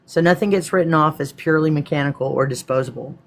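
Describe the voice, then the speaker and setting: A man with a Texan accent and a fairly high voice with vocal fry hosts a live stream at a quick pace. He reads from a script but breaks off to answer viewers with casual, profane asides.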